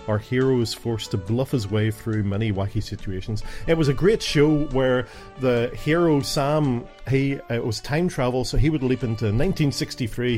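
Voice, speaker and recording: A man's voice: medium pitch, a little mellow. A middle-aged man hosting a casual family podcast, chatting and explaining TV shows to his kids, often stumbling and restarting. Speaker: podcast host and father.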